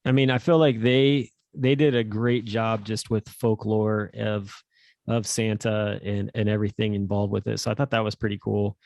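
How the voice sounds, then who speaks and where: Gravelly low-voiced man chatting loosely. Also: little pitch movement, normal speed, darkish tone, no room sound. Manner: rambling, full of fillers like "like". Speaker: podcast co-host. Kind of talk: casual podcast chat.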